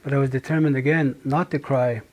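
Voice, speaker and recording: A middle-aged man from Manitoba tells his own story as testimony. His voice is mellow and dark, at an ordinary pitch. He speaks slowly and reflectively, pausing and restarting often. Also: steady tone. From Manitoba, Canada. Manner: slow, halting, reflective with pauses and restarts. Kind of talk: personal testimony.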